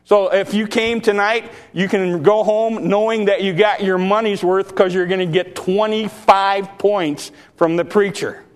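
A man with a high voice delivers an earnest sermon from the pulpit, circling back and repeating himself as he builds his points. His words ring out in the long reverb of a church hall. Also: steady tone, measured pace, hardly any pauses. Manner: earnest preaching with repetitions and restarts. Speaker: preacher.

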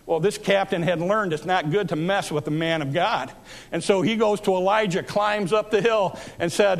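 A man's voice: high voice, normal speed. A man preaching a sermon, telling a Bible story and acting out its speakers with rising emphasis.

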